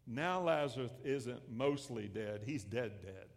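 A man pastor preaching a sermon, swelling loud and then dropping to hushed lines. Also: medium pitch, lively intonation, unhurried, creaky, slight background noise. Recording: echoey hall with long reverb.

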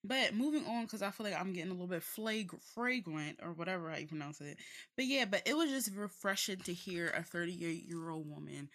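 A young woman co-hosting a casual podcast chat, telling stories in an animated way, full of fillers, restarts and laughter. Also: fairly low pitch, a little fast. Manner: chatty, animated storytelling with frequent laughs. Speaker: podcast co-host.

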